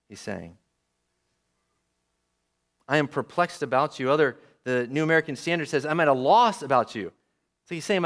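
A man preaching a sermon, lively and often asking his listeners questions. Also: a little high, fairly quick. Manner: lively, asks the audience questions.

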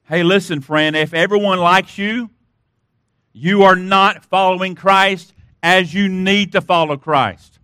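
A man's voice: high-pitched, steady tone, takes it slowly, pushed and bright, no echo, studio quality. A man preaching a sermon as pastor, emphatic, asking rhetorical questions and repeatedly urging listeners to listen.

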